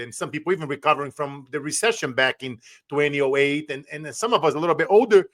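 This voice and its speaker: A man's voice: a little high, a bit bright. Male host. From Brazil. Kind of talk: casual interview chat.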